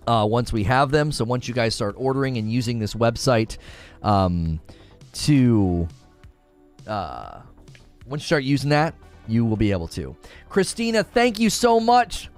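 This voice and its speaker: A live-streaming man with an expressive, darkish mid-range voice talks at a measured pace, reading comments aloud and rambling with frequent restarts. Soft music plays underneath.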